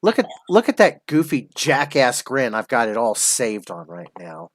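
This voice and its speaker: A man hosting a stream, mocking and lecturing someone slowly and at length. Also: medium pitch, wildly swooping pitch, dry recording. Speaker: show host. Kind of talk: live stream commentary.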